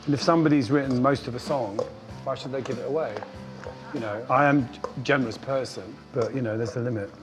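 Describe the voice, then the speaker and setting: A man's voice: mid-range voice, fast, music in the background. A man and band frontman chatting casually in a recording studio, camp and sardonic, full of dry wisecracks.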